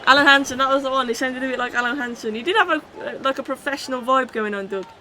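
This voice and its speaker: A woman livestreaming a football video game, chatting with her viewers and shouting at the match as it plays out. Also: high-pitched, fast talker, a little hiss or hum. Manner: excitable, shouts at the game, then chats casually. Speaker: gaming streamer. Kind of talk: live game commentary and chat reading.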